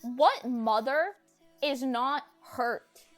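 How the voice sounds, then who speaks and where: Young adult woman streamer, bright high register, heated storytime delivery, profane, animated re-enactments. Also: extremely slow, soft background music. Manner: agitated, swears, acts out quotes in raised voice. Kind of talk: emotional storytime chat.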